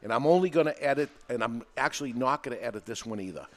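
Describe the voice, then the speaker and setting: A man hosting his own podcast, talking in an animated, emphatic, conversational way. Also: mid-range voice, quick pace. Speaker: podcast host. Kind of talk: solo podcast monologue. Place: podcast studio.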